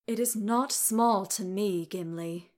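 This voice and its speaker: An earnest, anxious male elf, voiced by a woman reading a storybook, speaking slowly and softly. His words come sincere and worried, at a middle pitch. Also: close to an everyday voice. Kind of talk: fan fiction read aloud.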